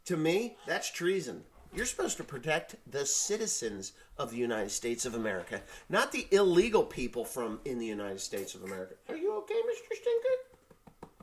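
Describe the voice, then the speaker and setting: A man's voice: medium pitch, big pitch swings, a little fast, hardly any pauses. Blunt, ranting farmer man. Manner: rambling, restarts sentences. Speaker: farmer and YouTuber. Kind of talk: casual opinion vlog.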